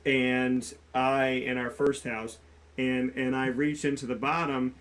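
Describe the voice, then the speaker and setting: A man co-hosting a podcast, telling a funny story in a lively way, with laughs and restarts. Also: medium pitch, slow pace, soft background music. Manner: animated, laughing, frequent restarts. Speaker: podcast co-host. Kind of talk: casual storytelling chat.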